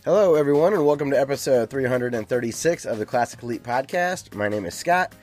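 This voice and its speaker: A man's voice: mid-range voice, animated, quick pace. Guy hosting a game podcast, rambly, lots of ums, faint music underneath. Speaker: podcast host. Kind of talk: casual chat.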